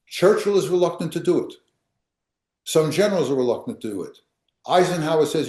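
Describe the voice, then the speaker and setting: A man's voice: on the high side, animated, moderate pace, darkish tone, roomy sound. An older man, a history professor, lecturing emphatically and answering questions, often repeating and restarting phrases.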